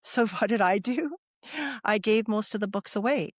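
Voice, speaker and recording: A woman's voice: medium pitch, normal speed, no echo, studio quality. A middle-aged woman sharing a personal story as a podcast guest, earnest and repeating phrases for emphasis.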